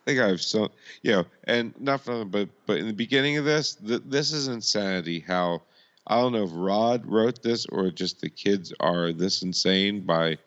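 A man's voice: lowish voice, moderate pace, fairly bright tone, highs cut off. A man co-hosting a casual chat, rambling and correcting himself as he goes. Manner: rambling, self-correcting, apologetic. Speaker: podcast co-host.

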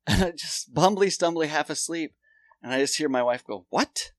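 A man's voice: on the high side, normal speed, dry recording, studio quality. A man telling rambling, profane stories in a casual chat.

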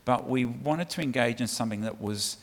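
This guest preacher, a middle-aged Englishman representing a child sponsorship charity, talks at medium pitch and a little fast. His sermon to the church congregation is chatty, with plenty of ums and restarts, recorded with the long reverb of a large church hall.

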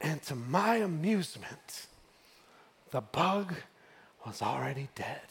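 A man's voice: fairly high pitch, sing-song, slow, creaky, a little hiss or hum. A middle-aged man from West Texas preaching a sermon, building call-and-response refrains and telling a family story. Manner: call-and-response, rising to shouts.

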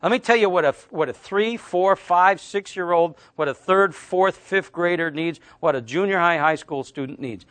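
A man's voice: sits high, normal speed, few pauses, a bit bright, dry recording. A middle-aged male pastor delivering a sermon with emphatic, conversational storytelling.

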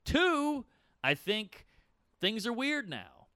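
A man, a stand-up comedian, talking in a rapid, animated, rambling way as a guest in a casual chat. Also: very high voice, no echo, studio quality.

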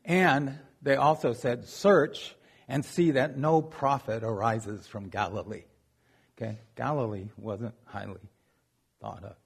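A man's voice: mid-range voice, takes it slowly, creaky, husky. A man preaching a sermon in a conversational, joking way, often checking in with "okay?".

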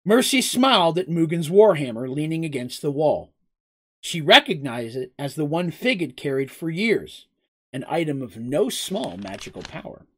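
A storyteller reading a fantasy story aloud with expressive delivery, sometimes turning aside to talk to listeners directly. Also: medium pitch, normal speed, breathy edge.

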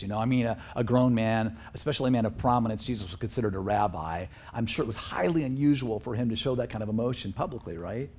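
Male pastor, husky timbre, earnest conversational sermon delivery. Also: medium pitch, a little mellow. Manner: conversational, earnest, with fillers and chuckles.

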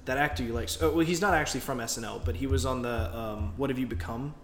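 A man's voice: mid-range voice, quick pace, a bit bright. A man chatting casually, rambling and searching for his words. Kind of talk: casual chat. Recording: echoey room with faint noise.

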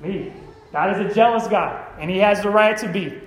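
A man's voice: high-pitched, moderate pace, roomy sound, rough recording. A man preaching a sermon as pastor, conversational and often checking in with the congregation. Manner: conversational, keeps asking the congregation "right?".

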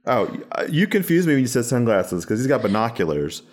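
A man's voice: mid-range voice, big pitch swings, a little fast. A man on a casual movie podcast, wryly pointing out odd details on screen. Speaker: podcast co-host.

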